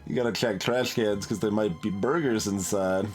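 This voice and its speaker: A man's voice: on the low side, moderate pace, soft background music. Rambling male game streamer. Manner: rambling, self-amused. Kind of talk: casual gameplay commentary.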